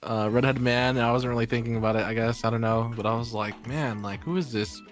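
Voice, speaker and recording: A man's voice: mid-range voice, fairly even intonation, fast, soft background music. A young man telling rambling anecdotes in a casual group chat. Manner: rambling anecdotes, self-correcting.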